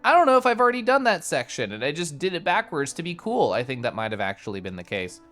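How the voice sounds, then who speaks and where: Brief: excitable streamer, lively swooping voice, mumbles then bursts out, game music under it. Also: medium pitch, fast talker. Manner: chatty, excitable, reads chat aloud; swings from mumbled to loud bursts. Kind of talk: casual gameplay commentary.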